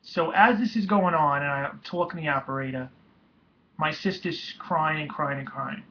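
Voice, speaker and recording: A young man telling a painful personal story in a halting, emotional way, with many restarts. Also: fairly high pitch, fairly bright tone, slight background noise. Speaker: vlogger. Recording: dull lo-fi home recording.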